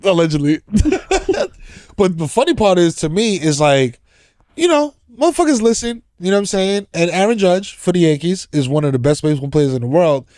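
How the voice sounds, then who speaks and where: A man's voice: sits high, brisk, no room sound. New guy hosting a podcast, swears a ton, laughs, voice jumps all over, dry close mic. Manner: animated, profane, laughs a lot, mimics voices. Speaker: podcast host. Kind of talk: casual podcast banter.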